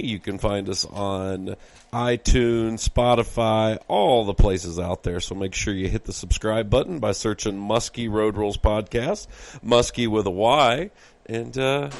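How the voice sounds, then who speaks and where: A man's voice: on the low side, no room sound. Upbeat folksy man hosting a podcast. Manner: upbeat, folksy, rambling with many fillers. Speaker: podcast host. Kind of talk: casual podcast chat with ad reads.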